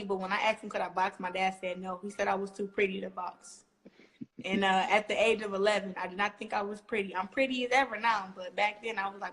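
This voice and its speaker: A young woman from Flint, Michigan, talking casually as an interview guest, animated and acting out quotes as she tells stories. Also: mid-range voice. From Flint, Michigan, USA. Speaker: guest boxer.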